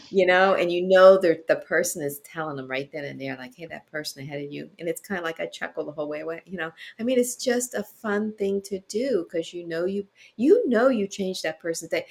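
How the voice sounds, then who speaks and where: A woman guest telling lively stories in casual chat, laughing often. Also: on the low side. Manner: animated storyteller, laughs often.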